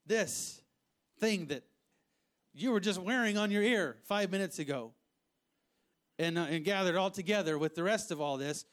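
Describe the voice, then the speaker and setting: Brief: male preacher, fairly high voice, animated Bible teaching with emphatic bursts. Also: normal speed, long pauses. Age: adult, married with children. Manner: animated, rising to emphatic outbursts, acts out voices. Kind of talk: sermon, reading scripture and commenting.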